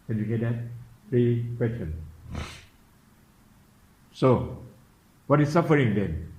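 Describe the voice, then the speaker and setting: A man giving a Buddhist dharma talk, slowly and repetitively questioning his listeners in simple English. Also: mid-range voice, a little mellow. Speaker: Buddhist meditation teacher. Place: temple teaching hall. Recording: echoey, dull room recording.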